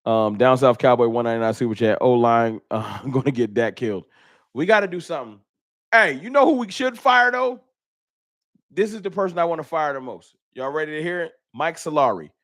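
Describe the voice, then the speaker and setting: A man's voice: medium pitch, animated, a little fast, a bit bright, no room sound. Frustrated man on a dry mic. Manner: frustrated, laughing, reads super chats. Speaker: fan channel host. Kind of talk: casual livestream chat.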